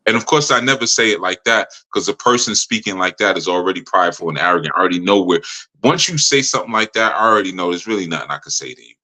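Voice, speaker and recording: Man, low pitch, bright forceful tone, spiritual teacher, slips into mimicked voices. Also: lively intonation, rough recording. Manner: acts out other people's voices in quick quoted asides. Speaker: spiritual teacher leading a live study session. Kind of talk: live teaching with a call-in participant.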